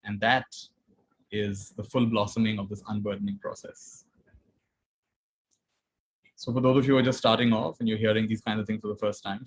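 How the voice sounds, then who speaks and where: A man giving a calm spiritual talk, repeating phrases gently and sometimes laughing softly. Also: on the low side, moderate pace, pauses often, husky, low-quality recording. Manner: calm, repetitive, gently emphatic, soft laughs. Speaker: spiritual teacher. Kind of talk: talk to an online audience.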